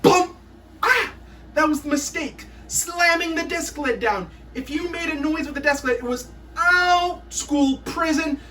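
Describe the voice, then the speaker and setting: A woman's voice: sits high, measured pace, few pauses, sharp tone, recorded from a distance. A woman performing a comic recital of poems in a mock-stern, theatrical teacher's tone.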